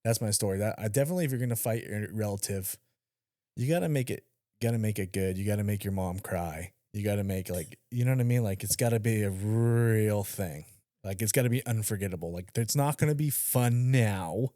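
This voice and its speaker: On the low side and fairly quick, the man's voice comes through clean studio sound with no echo. As a podcast co-host he's an animated storyteller in a casual, profane chat, acting out quotes and swearing freely.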